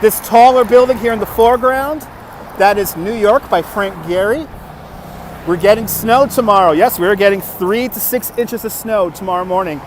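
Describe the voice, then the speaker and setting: A man's voice: high-pitched, normal speed. Chatty man livestreaming on city streets. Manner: chatty, laughs often, answers viewer comments. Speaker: livestream host. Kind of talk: casual walking livestream. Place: city streets at night, outdoors. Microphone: phone on a handheld gimbal. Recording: faint traffic noise.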